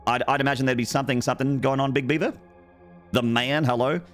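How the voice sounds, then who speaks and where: A man's voice: medium pitch, fairly even intonation, fast talker, fairly bright tone, faint music behind. A young man with a mixed Australian accent, chatting and joking with viewers on a gaming stream. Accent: Australian, with some American. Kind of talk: casual live-stream chat.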